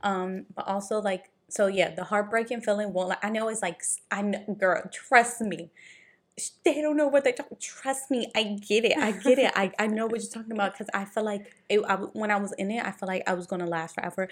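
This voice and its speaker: A young adult woman talking casually and bluntly, with lots of swearing and sudden leaps in pitch. Her voice sits mid-range and she talks with animated emphasis. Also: fairly quick. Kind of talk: casual chat.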